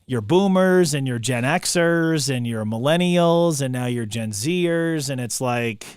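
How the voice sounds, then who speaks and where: Man, podcast host, laid-back story, slangy talk, mid pitch, dry sound. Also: slow pace, clean tone, no room sound. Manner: relaxed, slangy, says dude and bro. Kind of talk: casual storytelling chat.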